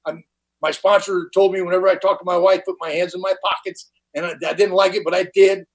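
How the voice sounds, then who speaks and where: An older man, high-pitched for a man, telling his recovery story in a blunt, candid way. He talks in plain slang and restarts his sentences often. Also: flat delivery, fast, low-quality recording. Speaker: recovery meeting speaker. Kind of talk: personal recovery testimony. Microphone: online conference talk.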